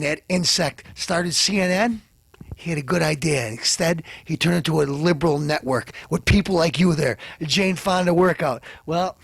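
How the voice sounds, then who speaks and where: A man hosting a comedy show, ranting and hurling insults, swinging between loud outbursts and low mutters. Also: vocal fry, breathy edge, no echo. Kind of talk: ranting comic commentary.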